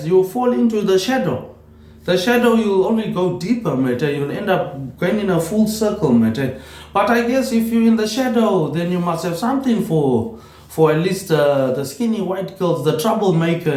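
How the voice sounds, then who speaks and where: A man rambling through a solo vlog monologue, repeating words and tagging his lines with a low "mate, eh". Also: darkish tone. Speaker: vlogger. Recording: roomy echo.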